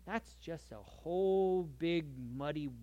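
A man preaching a sermon in a conversational way, moving between soft asides and lively emphasis. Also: on the high side, slow pace, dry recording, muffled recording. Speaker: pastor.

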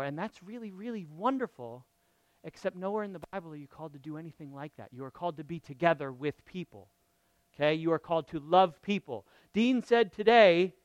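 A middle-aged man preaching a lively, conversational sermon, often asking his listeners questions. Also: high voice, clear, resonant tone, no echo. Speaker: pastor.

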